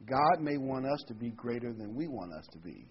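Guy preaching, husky voice, chatty, reads bible verses, kinda muffled lo-fi recording. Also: mid-range voice, big pitch swings, fairly quick. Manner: conversational, chuckles between points, reads verses aloud. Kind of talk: sermon, reading and explaining scripture. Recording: dull, slightly muffled recording.

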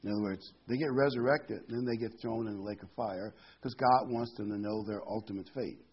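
Husky man teaching scripture folksily. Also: fairly low pitch, fairly quick, highs cut off. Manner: folksy, with corny jokes and many fillers. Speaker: preacher. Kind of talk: informal Bible teaching.

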